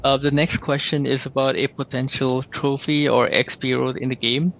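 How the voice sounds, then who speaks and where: A man's voice: mid-range voice, moderate pace, creaky, highs cut off. A man moderating a live community Q&A on a voice chat, reading out the questions and keeping things moving. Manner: steady, reads out questions and keeps things moving. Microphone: computer mic over online voice chat.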